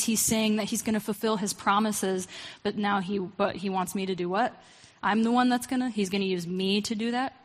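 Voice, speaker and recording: A woman's voice: medium pitch, in a large hall. A woman giving a casual, conversational sermon, reading verses and musing aloud with many fillers and asides. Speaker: preacher.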